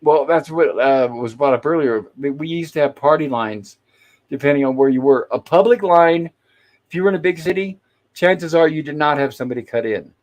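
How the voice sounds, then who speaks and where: A man's voice: on the high side, fairly quick, a little mellow. A man hosting a casual chat, explaining and walking through scenes step by step. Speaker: host. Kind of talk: casual chat reviewing an old sitcom.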